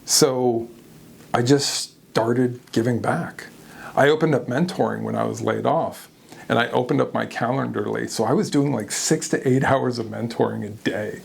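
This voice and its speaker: A man speaking as an interview guest, candid and animated, often laughing at himself as he tells his own story. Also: mid-range voice, normal speed, vocal fry, breathy edge.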